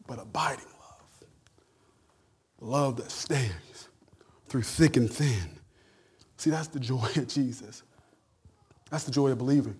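A middle-aged male pastor preaching a sermon in a conversational, folksy way, stammering and then rising to loud shouted peaks. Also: mid-range voice, unhurried, pauses often, husky.

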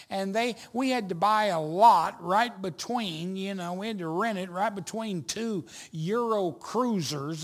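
A man preaching a sermon, telling a folksy story and building to loud emphatic points. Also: high-pitched. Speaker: pastor.

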